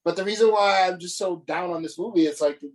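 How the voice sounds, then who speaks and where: A man's voice: high voice, fast, low-quality recording. A man co-hosting a casual podcast, ranting with frequent swearing and restarts. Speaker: podcast co-host.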